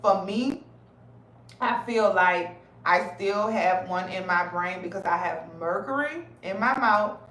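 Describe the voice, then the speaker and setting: A woman's voice: mid-range voice, roomy sound, recorded from a distance, poor audio. A woman ranting bluntly and with lots of swearing in a casual livestream talk. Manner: profane, blunt, animated, talks fast and heated. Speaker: health advocate streamer. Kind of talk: casual live-stream rant.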